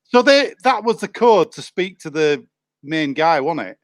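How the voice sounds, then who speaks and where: A man's voice: a little high, sing-song, measured pace, no room sound. A man casually chatting as a podcast co-host, asking questions with wry asides. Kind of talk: casual chat.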